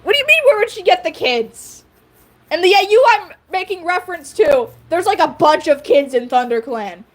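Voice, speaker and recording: A woman's voice: very high-pitched, expressive, moderate pace. A woman streamer chatting casually with her viewers, giggly and rambling, with frequent fillers. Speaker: livestream host. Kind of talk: casual livestream chat.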